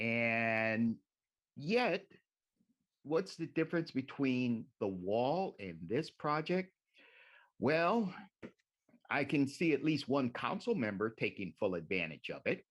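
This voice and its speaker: Slow, sarcastic man at a council podium. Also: fairly low pitch. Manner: sarcastic, accusing. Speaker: public commenter. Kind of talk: public comment at a council meeting. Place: city council chamber at a podium.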